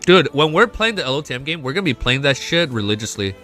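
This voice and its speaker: A young man hosting a casual livestream, excitable and swearing often, reading chat aloud. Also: mid-range voice, quick pace. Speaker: livestream host. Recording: faint music behind.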